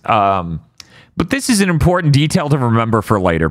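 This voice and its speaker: A man's voice: medium pitch, sing-song, fairly quick, dry recording, clean studio sound. A man casually recapping episodes on a podcast, sardonic and exasperated, swearing now and then.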